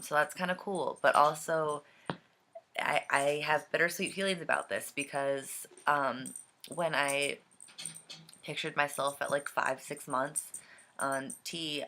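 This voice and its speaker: A young man vlogging casually from home, with a slightly scratchy, gravelly voice and a hesitant way of talking full of ums. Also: medium pitch, sharp tone. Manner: hesitant, many ums and trailing thoughts. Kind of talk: casual vlog chat. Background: dog and cat noises.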